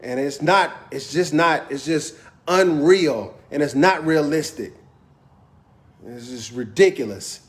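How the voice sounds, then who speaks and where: A man with a high-pitched voice delivers an impassioned monologue in African American Vernacular English. He talks in a heated, preachy way, full of slang, and hammers his points home by repeating them. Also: takes it slowly. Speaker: video host.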